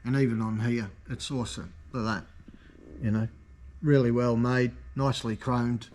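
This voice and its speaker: A man's voice: medium pitch, steady tone, normal speed, a little mellow. A man hosting a casual product showcase vlog for his motorcycle parts shop, enthusiastic and easygoing. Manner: enthusiastic, easygoing, talks like a salesman.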